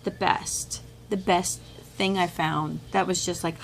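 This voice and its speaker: A middle-aged woman with a lowish, gravelly voice vlogs slowly from a room at home with children nearby, showing off a haul of homeschool curriculum books. She's chatty and animated, acting out the voices of people she quotes with laughs and whispers. Background noise can be heard.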